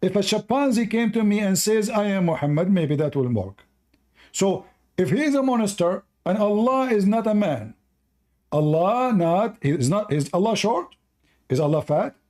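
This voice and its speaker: A man's voice: sits high, expressive, moderate pace, a little mellow. A man hosting a heated live debate, arguing hard, interrupting and repeating himself, and losing his voice. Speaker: host.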